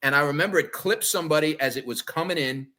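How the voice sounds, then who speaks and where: A middle-aged man hosting a podcast, spinning old stories in an animated, rambling way over a video call. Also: fairly high pitch, fast talker. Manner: animated raconteur, many restarts. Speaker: podcast host. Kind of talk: casual storytelling.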